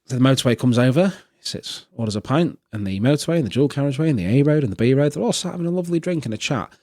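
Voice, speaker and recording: A man's voice: medium pitch, racing, no echo, studio quality. A man co-hosting a comedy podcast, telling sweary jokes in casual chat. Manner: animated, sweary joke-teller. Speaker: podcast co-host.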